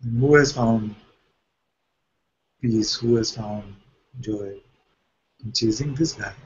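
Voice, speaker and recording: Husky-voiced man giving a satsang talk. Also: fairly low pitch, takes it slowly, muffled recording. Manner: playful, questioning, jokes about the mind. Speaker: spiritual teacher.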